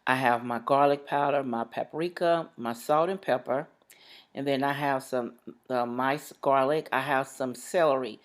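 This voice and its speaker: Deep-voiced woman hosting a cooking vlog. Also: fairly even intonation, measured pace, low-quality recording. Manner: chatty, plain show-and-tell, small fillers. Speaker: cooking channel host. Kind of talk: casual cooking vlog narration.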